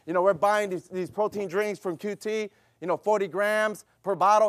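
A man's voice: sits high, fairly even intonation, normal speed, hardly any pauses, fairly bright tone, no echo, clean studio sound. A middle-aged man preaching a sermon with a fervent, repetitive cadence and rhetorical questions, mixing exhortation with a personal story. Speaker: pastor.

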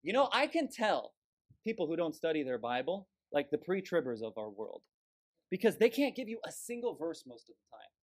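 A man preaching a sermon from the pulpit, forceful and emphatic, scornful toward those he condemns. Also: on the high side, big pitch swings, moderate pace. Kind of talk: fiery sermon.

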